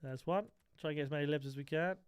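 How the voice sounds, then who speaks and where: A man's voice: a little high, racing, smooth, dry recording. A man live-streaming a football video game, chatting casually and joking with his viewers. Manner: banters with chat, jokey, self-described moaner.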